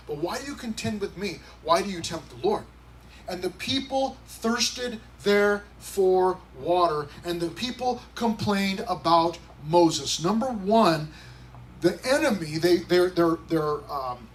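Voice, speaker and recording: A man with a high-pitched voice preaches a casual, lively sermon, slipping into little acted voices and firing off rhetorical questions. A faint hiss of noise sits under the recording. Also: poor audio. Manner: conversational, animated, acts out voices and rhetorical questions. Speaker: pastor.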